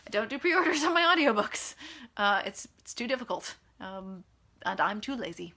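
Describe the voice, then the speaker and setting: A woman's voice: medium pitch, sing-song, normal speed, bright, forceful tone. An American woman, an author, chatting casually through a live reader Q&A in a frank, self-deprecating way with lots of fillers. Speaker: author answering reader questions. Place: at home in California.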